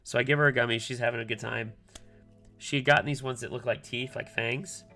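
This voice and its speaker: This thirty-something man has a brisk, mid-range voice, pushed and bright, with fairly even intonation. While working at a keyboard on stream, he spins a rambling story crammed with fillers, muttering asides. Soft music sits in the background.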